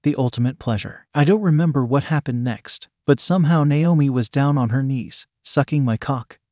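A man narrates a story in the first person with a steady, measured delivery. His voice sits at a middle pitch. The recording is dry, with no room sound around him. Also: dry recording.

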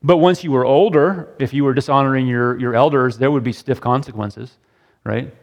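A man's voice: mid-range voice, normal speed, dull audio. A middle-aged man leading a sermon discussion, talking casually and often checking in with "right?" as he asks the group questions. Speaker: pastor. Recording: long hall reverb.

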